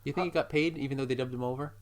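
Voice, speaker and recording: A man co-hosts a casual podcast with dry, sarcastic humor and casual swearing. He talks quickly, and his voice sits at a middling pitch. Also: steady tone. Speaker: podcast co-host. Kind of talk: casual chat.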